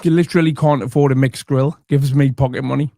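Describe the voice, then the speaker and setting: A man's voice: medium pitch, steady tone, quick pace, warm tone, no echo. A middle-aged man reacting to clips with dry, sarcastic asides from a room at home. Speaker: commentary host. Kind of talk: comedic reaction commentary.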